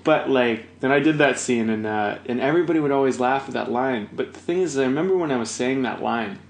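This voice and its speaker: Male actor, mid pitch, reflective casual talker, roomy echo. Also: fairly quick, slight background noise. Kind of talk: casual conversation.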